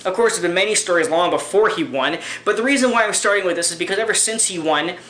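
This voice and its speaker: A man's voice: high voice, fast, sharp tone. A man ranting through political commentary, angry and sarcastic, swearing often. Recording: echoey room.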